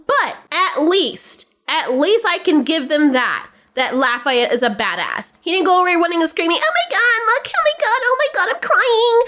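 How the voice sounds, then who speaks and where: A young woman with a high voice riffing through a reaction video, blunt and sarcastic, swearing freely as she complains. It's loose, off-the-cuff commentary aimed straight at her viewers. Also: a bit bright. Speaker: reaction vlogger. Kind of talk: casual commentary rant.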